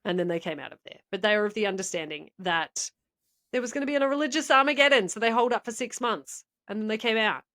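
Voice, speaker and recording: A woman's voice: fairly high pitch, lively intonation, quick pace, a bit bright. A woman co-hosting a podcast, telling a story in a rambling, chatty way and laughing often. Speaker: podcast co-host. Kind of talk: casual podcast chat.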